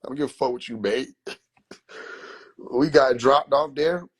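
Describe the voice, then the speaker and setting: A man rambling through family stories on a livestream, loose and profane. He laughs often and keeps an animated, mid-range voice. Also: mid-range voice, measured pace, husky. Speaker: livestream host. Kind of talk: casual storytelling on a livestream.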